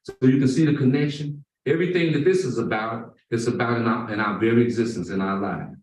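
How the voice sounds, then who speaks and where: A man giving a Friday sermon, emphatic and drawing out key words slowly. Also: medium pitch, darkish tone. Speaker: imam. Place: mosque prayer hall. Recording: roomy echo, far from the mic.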